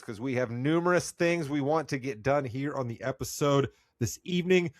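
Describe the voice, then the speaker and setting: A man's voice: mid-range voice, no echo, studio quality. A man hosting a sports podcast in casual chat, upbeat and rambling at times. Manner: upbeat, loses his train of thought. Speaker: podcast host.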